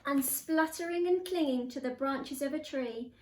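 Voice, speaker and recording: A woman teacher reading a picture book aloud in an expressive, sing-song way. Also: high voice, moderate pace, slight background noise. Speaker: primary school teacher. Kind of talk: storybook read-aloud. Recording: echoey room.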